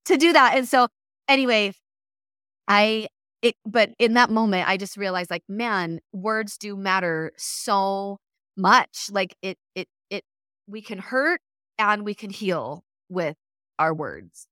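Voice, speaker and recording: A woman telling a story casually in a conversation, lively and laughing as she acts out the quoted texts. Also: mid-range voice, slow pace, smooth, dry recording, studio quality.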